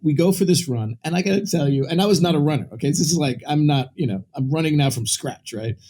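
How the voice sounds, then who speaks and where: This is a Brooklyn, New York man with a slightly high, warm voice who talks at a quick pace. As an interview guest, he tells a personal story candidly and ramblingly, restarting often and slipping in asides.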